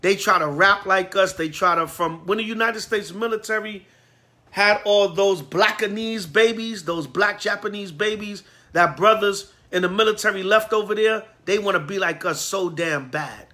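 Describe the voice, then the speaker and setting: Fiery, blunt man preaching high and forceful. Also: moderate pace. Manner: blunt, slangy and fiery, with digressions. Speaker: priest. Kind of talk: preaching Bible class.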